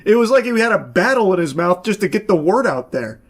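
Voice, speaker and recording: High-pitched guy doing sarcastic sweary reaction commentary, fed up and casual. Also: sing-song, a little fast, slightly rough. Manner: sarcastic, profane, exasperated rants.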